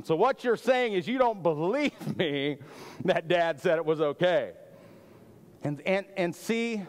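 Fairly high-voiced man preaching. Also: in a large hall. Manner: animated, repeats words at starts of phrases. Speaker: lead pastor. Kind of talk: storytelling sermon.

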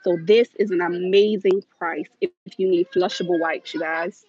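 A woman livestreams from inside a big store, chatting to her viewers in a hurried, friendly rush and sounding a little out of breath. Her voice comes through a handheld phone with dull, muffled audio and very little room echo. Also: lowish voice, steady tone, breathy edge. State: slightly out of breath. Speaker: deal-hunting vlog host. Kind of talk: live shopping stream. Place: inside a large retail store.

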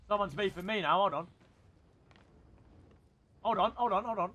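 A young man streams his game live, excitable and quick to swear at other players. His voice sits high and bright, with sharp, tense edges to it.

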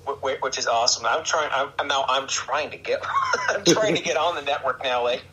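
A man hosting a podcast, chatting casually and excitably about wrestling and laughing often. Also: mid-range voice, a little fast, low-quality recording. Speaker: podcast host. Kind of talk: casual chat.

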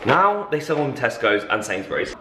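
A man's voice: mid-range voice, big pitch swings, fairly quick, bright, forceful tone, slight background noise. Bubbly young Englishman vlogging. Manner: bubbly, chatty, exaggerated reactions. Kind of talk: casual vlog chat. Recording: echoey room with faint ambience.

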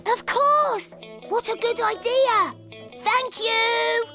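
A woman's voice: extremely high pitch, very slow, heavily acted. A woman voicing a small, playful young male donkey full of ideas, giggling and making bouncy sing-song noises. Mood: cheerful. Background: children's music.

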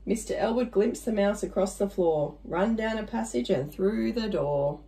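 A woman's voice: mid-range voice, normal speed, warm tone, poor audio. A woman reading a rhyming children's story aloud, playful, with little asides to the listener.

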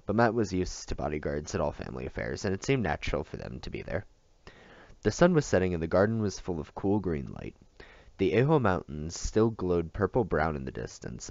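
A man reading a novel aloud as an audiobook reader, in steady, unhurried storytelling. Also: sits low, creaky, dry recording, highs cut off.

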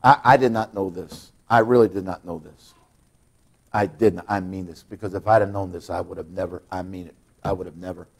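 A man preaching a sermon in a church, folksy and repetitive, often restarting his words and rising high and loud when he makes a point. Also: fairly even intonation, fairly quick. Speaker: pastor. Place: church auditorium.

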